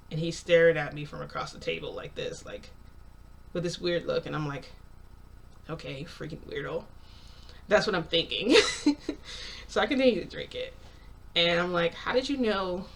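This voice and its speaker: A man's voice: fairly high pitch, animated, normal speed, creaky, a little hiss or hum. A man telling a long story in a casual, rambling way, full of "like" and small laughs. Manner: rambling, heavy use of "like"; chatty, laughs often. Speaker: vlogger.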